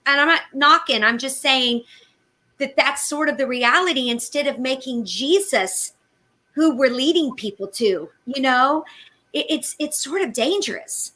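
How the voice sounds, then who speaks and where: A woman's voice: sits high, expressive, unhurried, pushed and bright. A woman co-hosting a faith talk show, speaking in an earnest, preacherly way. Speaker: co-host.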